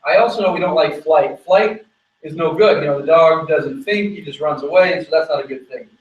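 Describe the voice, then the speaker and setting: A dog trainer works on location, explaining his approach while snapping quick commands at the dog. Picked up from afar, his slightly higher-than-average male voice comes across roomy and echoey, and the audio is dull.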